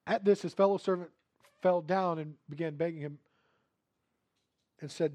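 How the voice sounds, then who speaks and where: A male preacher with a notably high-pitched voice delivers a sermon. He moves between soft, hushed storytelling and bursts of emphatic, louder preaching. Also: fairly even intonation, moderate pace, pauses often.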